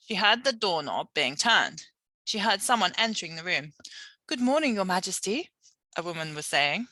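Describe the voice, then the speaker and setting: Young British woman, reading teacher, bright and lively, dry close mic, explains as she reads. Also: fairly low pitch, dry recording. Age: young adult. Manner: explains words, tag questions like yeah. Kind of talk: reading a children's novel aloud with explanations.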